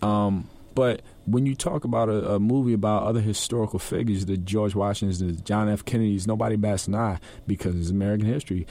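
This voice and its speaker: A man's voice: on the low side, fast talker, few pauses. A man, an actor, speaking earnestly and with passion as a guest in a studio interview. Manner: earnest, impassioned, animated. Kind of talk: conversational interview.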